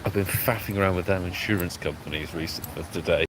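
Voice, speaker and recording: A man's voice: deep voice, fast talker. A man hosting a live stream, chatting casually, greeting viewers by name and catching his breath. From United Kingdom. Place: outdoors by a road. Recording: clear outdoor traffic noise.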